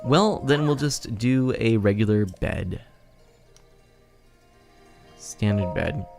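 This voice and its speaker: A man's voice: mid-range voice, slow, a little mellow, faint music behind. A young man streaming a game live, casual and chatty, reading chat and laughing often.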